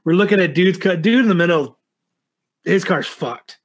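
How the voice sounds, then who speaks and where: A man's voice: sits high, moderate pace. A man telling a story in casual chat, swearing often and acting out the people in it. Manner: profane, animated anecdote telling.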